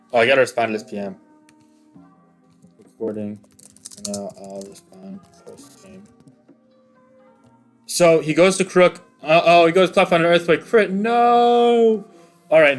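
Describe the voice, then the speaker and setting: A man giving casual play-by-play commentary on an online battle, chatty and excitable, rambling with lots of fillers. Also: fairly high pitch.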